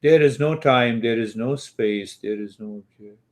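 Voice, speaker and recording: A man teaching meditation slowly and calmly, with long pauses and Sanskrit terms. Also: medium pitch. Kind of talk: spiritual teaching talk.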